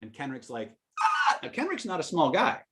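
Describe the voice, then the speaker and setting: A male persuasion trainer talks through his lessons in a loose, conversational seminar style. He tells stories and acts out quoted lines, now and then breaking into sudden loud outbursts, with asides to the people listening. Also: on the high side, huge pitch swings, quick pace, a little hiss or hum. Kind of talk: live seminar storytelling and teaching.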